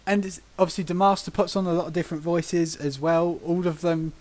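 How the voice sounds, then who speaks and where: A man from Britain hosting a relaxed podcast chat. His voice sits on the higher side for a man. He tells lively tabletop game stories, acts out quotes and laughs easily. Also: fairly quick. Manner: animated storyteller who acts out quotes and laughs often. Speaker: podcast host.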